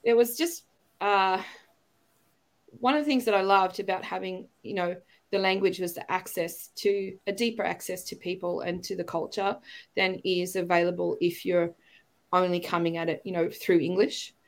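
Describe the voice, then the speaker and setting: This podcast guest is a middle-aged woman with an Australian accent whose voice sits on the low side. She talks at normal speed with fairly even intonation, rambling chattily through a casual interview and laughing lightly between phrases.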